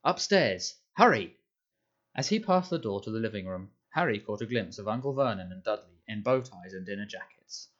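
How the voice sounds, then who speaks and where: A man narrating a children's novel in measured, scripted storytelling. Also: on the low side, dull audio. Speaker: audiobook narrator.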